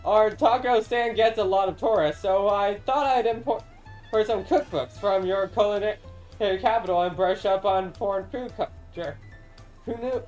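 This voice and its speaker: A woman's voice: medium pitch, moderate pace, a little mellow, soft background music, natural voice. Brief: woman reading as a friendly taco-stand cook for a game stream, chatty and upbeat. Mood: cheerful. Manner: chatty, friendly, laughs at her own slips.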